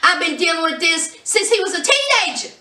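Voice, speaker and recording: A woman's voice: extremely high pitch, sing-song, fairly quick, pushed and bright, far from the mic, pitched above the performer's own voice, exaggerated voice. A woman mimicking a tired, matter-of-fact middle-aged mother. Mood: weary. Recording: echoey room, voice off-mic.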